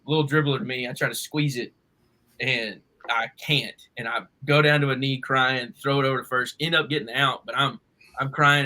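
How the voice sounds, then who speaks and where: A man, a podcast host, telling a story in casual chat with animated delivery. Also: mid-range voice.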